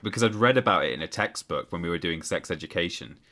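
A man's voice: low-pitched, lively intonation, quick pace, sharp tone. A man co-hosting a podcast, telling candid stories and laughing along. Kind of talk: casual chat.

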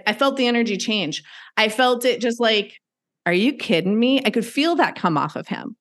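In a slightly high, somewhat bright, and expressive voice at a moderate pace, a middle-aged woman candidly shares how she lost her pet. She's earnest and emphatic as a guest, performing other people's words as she quotes them.

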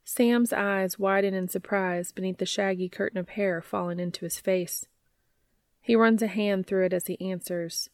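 A woman reading fan fiction aloud as a podcast narrator, with a steady storytelling delivery. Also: medium pitch, normal speed, no echo, studio quality.

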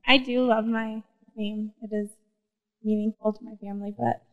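A woman's voice: mid-range voice, flat delivery, moderate pace. A woman guest on a talk show, answering in an easygoing, casual way. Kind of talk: casual interview chat. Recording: dull lo-fi sound.

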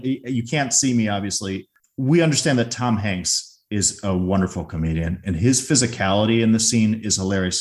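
A man casually recapping a favorite comedy film scene, chatty and full of restarts. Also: medium pitch. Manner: chatty, retells scenes with acted quotes. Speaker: film commentator.

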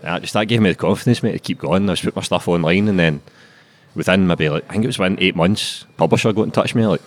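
Fast-talking, deep Glaswegian man in his twenties. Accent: Glaswegian Scottish. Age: 20s. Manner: sweary, laid-back, constant "aye, man" and "mate". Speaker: author being interviewed. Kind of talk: casual chat.

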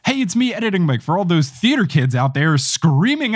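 A man's voice: high-pitched, big pitch swings. A man who hosts and edits a podcast, reading an upbeat promo. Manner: quick and upbeat. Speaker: podcast host and editor. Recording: music bed under voice. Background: guitar music.

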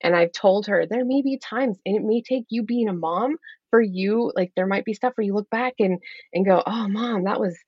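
A woman's voice: medium pitch, normal speed, husky, no echo, dull audio. A middle-aged woman who coaches parents, speaking openly and earnestly in a podcast interview, explaining with light laughs.

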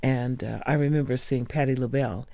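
A woman sharing personal memories of a close friend in an interview, soft-spoken and often dropping to a hush. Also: very deep voice, fairly even intonation, fairly quick, creaky, dry recording.

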